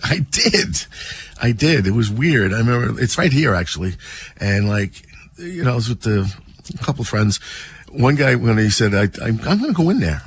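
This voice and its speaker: Man, radio co-host, husky voice, lively pitch, storytelling. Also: moderate pace, dry recording. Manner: storytelling, playful voices in anecdotes. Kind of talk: casual radio banter, joke telling.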